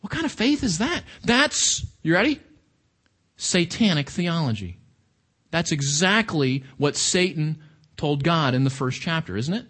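A man with a high voice delivers a sermon. He talks to his listeners casually but with emphasis, often asking them questions. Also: big pitch swings, measured pace, fairly bright tone. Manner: conversational, emphatic with rhetorical questions. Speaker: preacher.

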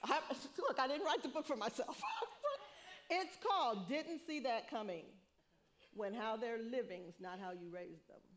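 A middle-aged woman preaching a sermon, lively, laughing often and acting out what people say. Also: fairly high pitch, unhurried.

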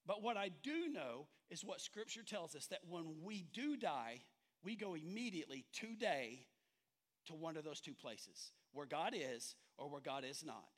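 A male pastor preaching a sermon in a church sanctuary, talking conversationally and drawing the congregation in with questions and jokes. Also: fairly high pitch.

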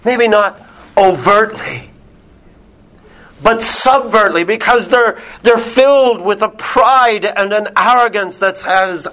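A man preaching a sermon to a small church congregation, deliberate and emphatic, dropping very soft on key words. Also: high voice.

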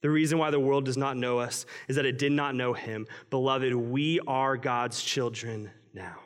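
A man preaching from a church platform, his voice trailing into a long reverb that fills the hall. He talks in an earnest, conversational way, like telling a story to a friend, at an everyday pitch for a man. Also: steady tone, moderate pace. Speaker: pastor. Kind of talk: sermon.

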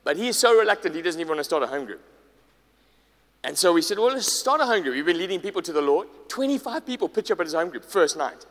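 A man, a pastor preaching a sermon, telling a story with lively acted-out dialogue. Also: on the high side, quick pace. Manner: animated, acts out quoted dialogue. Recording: long hall reverb.

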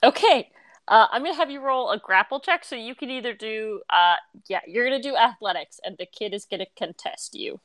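A woman's voice: on the high side, expressive, fairly quick, a bit bright, no echo. A woman narrating as game master of a tabletop game, casual and laughing often.

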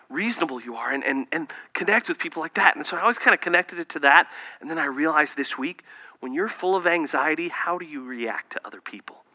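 A man preaching a sermon, swinging between loud emphatic bursts and hushed, near-whispered lines. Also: on the high side. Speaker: pastor.

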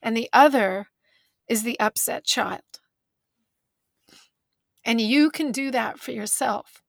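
A woman's voice: fairly high pitch, takes it slowly, creaky, no room sound. A woman talking candidly and thoughtfully in a conversation, restarting words as she thinks, close to tears. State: teary. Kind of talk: reflective conversation.

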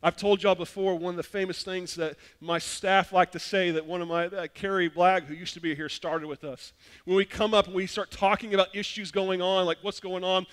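A man preaching a sermon as pastor, telling lively stories that swing between loud bursts and hushed appeals. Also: high voice, fairly quick.

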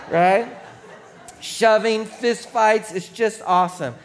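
A man pastor preaching a sermon, telling the story in a lively, joking way and putting on quick voices for the crowd. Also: extremely high pitch. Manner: animated, playful storytelling with mock voices for crowd.

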